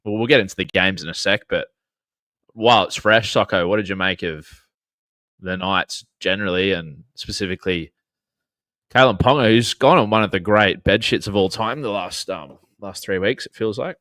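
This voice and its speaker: A man's voice: sits low, moderate pace, fairly bright tone, no room sound. An Australian man hosting a casual sports chat, laid-back and jokey, swearing freely. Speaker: podcast host reading chat.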